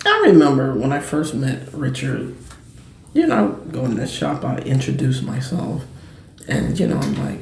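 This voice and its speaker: A man hosting a casual sports and cigar talk show, telling stories in quick, animated bursts. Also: mid-range voice, creaky, reverberant, slight background noise.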